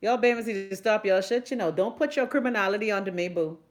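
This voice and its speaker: Loud, gossipy young Bahamian woman. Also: mid-range voice, fast. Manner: loud, animated, gossipy, swears freely. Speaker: live-stream host. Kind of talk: casual live-stream chat.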